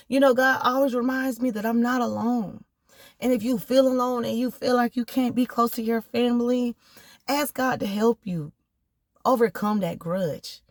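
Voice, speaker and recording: A woman's voice: on the high side, steady tone, normal speed, dry recording, clean studio sound. A woman, sitting in her car and giving a heartfelt, direct personal testimony that turns into preacherly encouragement. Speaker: vlogger sharing personal testimony. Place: inside a parked car.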